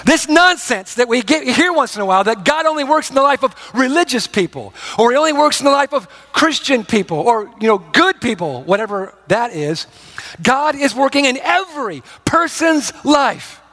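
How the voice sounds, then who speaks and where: A man preaches with a notably high voice, pressing his points with emphasis. His delivery swings from loud declarations down to hushed, slow lines. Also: animated. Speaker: pastor. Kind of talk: sermon.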